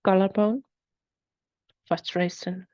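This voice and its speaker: A woman hosting a webinar, guiding a tapping exercise with calm, repetitive phrases to repeat after her. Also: mid-range voice, slow pace, no room sound, dull audio. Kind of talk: guided repeat-after-me instruction.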